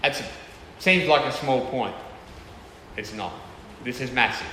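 A man delivers a sermon in a casual, talking-with-you manner, often tossing questions back to the room. His voice is bright and forward. The recording carries the long echo of a large hall, with faint ambience behind him. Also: mid-range voice, unhurried, a little hiss or hum. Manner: conversational, checks in with the audience often. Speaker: preacher.

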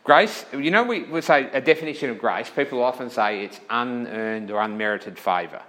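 Male pastor, mid-pitched, preaching casually, keeps asking if listeners follow and self-corrects on the fly. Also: lively intonation, normal speed, bright, forceful tone, rough recording. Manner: checks in with listeners often; self-correcting, thinking aloud. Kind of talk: conversational sermon.

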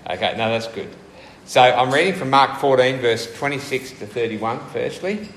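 A man preaching a relaxed, conversational sermon and asking his congregation questions as he goes. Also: medium pitch, a little hiss or hum. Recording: echoey room with faint ambience.

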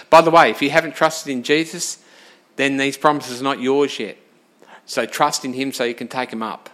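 Bright-voiced male preacher, animated sermon. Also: mid-range voice, moderate pace. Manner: animated, talks straight to the congregation with questions; shifts between loud emphasis and quiet asides.

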